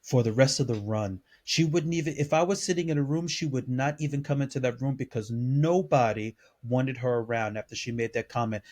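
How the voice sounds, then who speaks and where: A man co-hosting a podcast, telling a personal story in casual chat and acting out what others said. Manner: animated, acts out quoted voices with pitch jumps. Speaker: podcast co-host.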